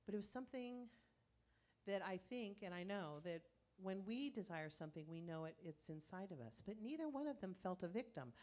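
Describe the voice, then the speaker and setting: A woman's voice: medium pitch, animated, fairly quick, darkish tone. A woman minister giving a conversational sermon in a church, telling stories and acting out inner voices. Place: church sanctuary.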